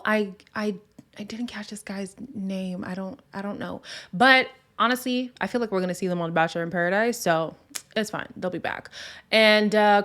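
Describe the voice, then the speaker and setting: Sassy woman recapping reality TV. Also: medium pitch. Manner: sassy, conversational, quick asides. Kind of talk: casual review monologue.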